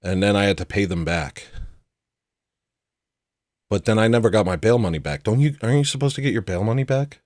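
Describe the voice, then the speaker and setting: A man's voice: fairly low pitch, fairly quick, pauses often, a little mellow, no echo, studio quality. A man hosting a livestream show, telling a personal story in a casual, rambling way with frequent restarts.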